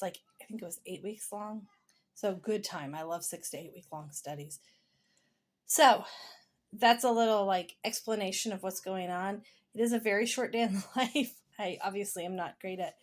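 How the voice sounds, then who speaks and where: A woman vlogger and mother talking through her day in a casual voiceover, chatty and rambling, earnest and encouraging. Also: medium pitch. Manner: chatty, rambling, self-deprecating.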